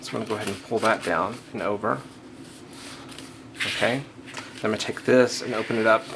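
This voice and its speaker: A man's voice: lowish voice, steady tone, fairly quick. A man hosting a step-by-step crafting tutorial, talking casually and thinking aloud, checking in with the viewer as he works. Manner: casual, thinking aloud, frequent okays and restarts. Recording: audible background noise.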